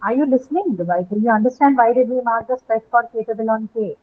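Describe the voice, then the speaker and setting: A woman's voice: a little high, fast. A woman English teacher giving an online class. She talks patiently, asks the students questions and often checks with them by asking "right?". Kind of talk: online class lecture on word stress. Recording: tinny phone-like call audio.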